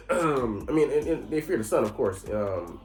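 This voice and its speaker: A man talks casually at a medium pitch, recapping an episode in a rambling way, full of fillers and swearing. His voice rings in an echoey room. A faint music bed plays underneath. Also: animated, measured pace. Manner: rambling, lots of fillers, profane. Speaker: anime reviewer. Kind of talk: casual reaction commentary.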